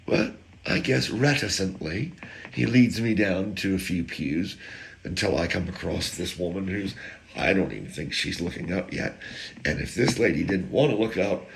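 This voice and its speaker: A man's voice: low voice, moderate pace, vocal fry, slight background noise. A man, a podcast host, telling a casual comic story and acting out the people in it. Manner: animated, acts out quoted people, jokes about word sounds.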